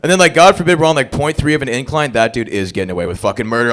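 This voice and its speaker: A man's voice: medium pitch, very fast, fairly bright tone. A man hosting an open mic comedy night, working the crowd with crude, profane banter on a club stage.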